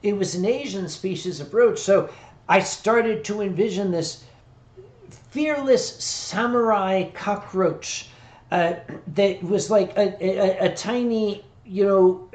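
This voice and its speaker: A man's voice: sits high, slow, darkish tone. A man from Pennsylvania hosting a stream, telling a rambling, profane story in casual chat. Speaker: streamer host. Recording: echoey room with faint noise.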